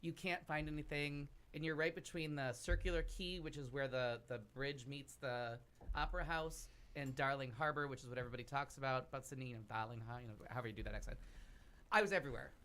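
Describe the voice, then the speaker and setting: This man speaks fast with a medium pitch, fairly even intonation, and a fairly bright tone. On a talk show, the podcast cast member casually rambles through a long travel story, adding many asides.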